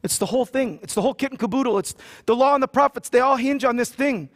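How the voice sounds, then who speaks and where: Speaking quickly to his congregation, a pastor whose voice is fairly high for a man reads scripture and then recasts it in loose, joking, everyday terms. He preaches conversationally rather than formally, keeping things casual and jokey with slang asides.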